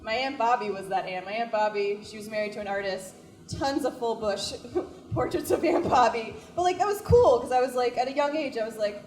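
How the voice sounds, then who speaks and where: A young woman doing stand-up comedy in a small, echoey venue, her voice sitting fairly high. She talks in a chatty, self-deprecating way and fills her sentences with "like". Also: fairly quick, a little mellow.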